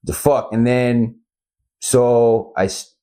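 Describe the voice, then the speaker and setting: A man's voice: medium pitch, flat delivery, slow pace, dark tone, clean tone. A man from Central Illinois, a guest musician, telling a story in a casual podcast interview, rambling and swearing often. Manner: rambling and profane, often asks "you know what I mean".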